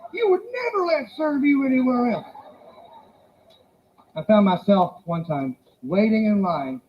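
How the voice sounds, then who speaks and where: High-voiced man doing stand-up. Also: lo-fi sound, a little hiss or hum. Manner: animated storyteller who keeps slipping into put-on voices. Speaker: stand-up comedian. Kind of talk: stand-up comedy routine.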